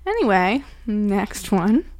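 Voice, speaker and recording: A woman's voice: medium pitch, big pitch swings, slow, darkish tone, dry recording. A young adult woman, reading out fun facts in a playful, teasing chat. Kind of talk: casual family chat.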